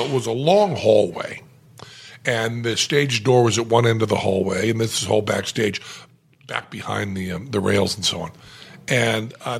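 A middle-aged man telling a long anecdote as a podcast guest, in an animated, profane, self-mocking way, recorded on a podcast mic in a club room. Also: fairly low pitch, vocal fry, slightly rough. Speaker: guest storyteller.

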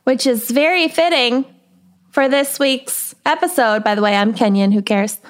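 A woman's voice: high-pitched, moderate pace. A woman with a Minnesotan accent, co-hosting a casual podcast chat and laughing often as she tells stories. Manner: giggly, laughs often while telling stories. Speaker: podcast co-host.

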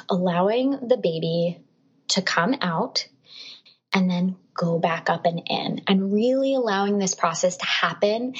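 A woman with a husky, breathy voice tells a personal story as a podcast guest. She talks in an animated way and slips into the voices of the people in her story. The audio is dull and muffled. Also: on the low side. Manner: animated, acts out what others said.

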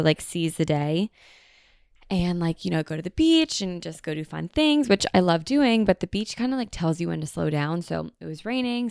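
Chatty young American woman, gravelly. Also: fairly low pitch, a little mellow, no echo, clean studio sound. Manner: gushing and chatty, filled with "like". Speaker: podcast host. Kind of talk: casual podcast monologue. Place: home in a beach town at sunset.

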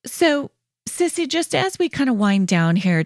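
A woman's voice: fairly high pitch, big pitch swings, a little slow, no echo, studio quality. A woman hosting a parenting podcast, affirming and encouraging as she talks with her guest. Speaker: podcast host. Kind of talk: podcast interview conversation.

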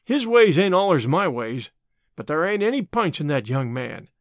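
Man doing a slow-drawling rustic old miner. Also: a little high, big pitch swings, no room sound, clean studio sound. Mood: earnest. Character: rough, humble old gold-miner, earnest and folksy.

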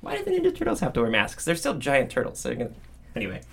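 Podcast cohost who rambles and gets sidetracked, animated, middle pitch voice. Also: very fast, creaky. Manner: rambling, animated, goes off on tangents. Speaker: podcast co-host. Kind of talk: casual chat about books.

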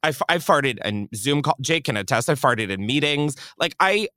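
Guy podcast host going off, super lively up and down voice, lots of swearing, dry studio sound. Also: mid-range voice, moderate pace, dry recording. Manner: dramatic, profane, exaggerated outrage. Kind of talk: casual comedic rant.

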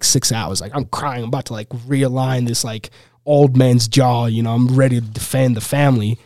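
Young man from Uganda, podcast guest; lively casual storyteller, plain dry sound. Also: mid-range voice, no room sound. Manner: animated, heavy use of "like" and "you know".

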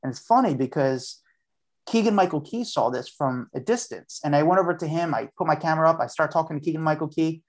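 A man's voice: a little high, fast. A man as a podcast guest, a street journalist telling a story in a chatty way and acting out what he said at the time. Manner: chatty, acts out his own past lines. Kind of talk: casual storytelling.

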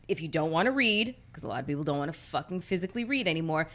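Woman on a podcast, lowish voice, cussing casually, lots of yeah and mm-hmm. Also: animated, a bit bright. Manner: casual, swears, quick agreements. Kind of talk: casual chat.

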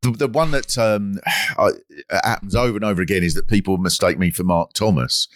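Comedy host: a man with a low, wry voice, recorded close and dry. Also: brisk, fairly bright tone, no echo. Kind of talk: casual comic chat.

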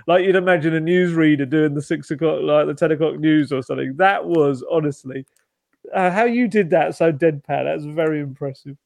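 A man's voice: on the high side, brisk, vocal fry, darkish tone, no echo. A man co-hosting a football podcast, chatting casually with lots of restarts and asides. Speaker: podcast co-host.

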